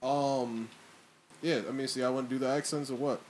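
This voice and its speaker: A man's voice: medium pitch, fairly even intonation, normal speed, a little mellow. A man hosting a podcast, joking and laughing in casual, profane banter with friends at home. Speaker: podcast host. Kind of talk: casual chat among friends. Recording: noisy home recording.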